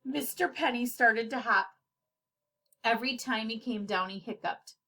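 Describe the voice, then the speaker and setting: A woman reading a children's storybook aloud in an expressive, animated way. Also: a little high, measured pace. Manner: expressive, giggly when slipping up. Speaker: storybook reader.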